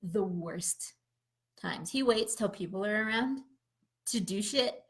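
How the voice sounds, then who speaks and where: A woman's voice: mid-range voice, lively intonation, slow pace. A young woman co-hosting a casual podcast, talking animatedly, laughing often and swearing freely. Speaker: podcast co-host. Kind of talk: casual chat.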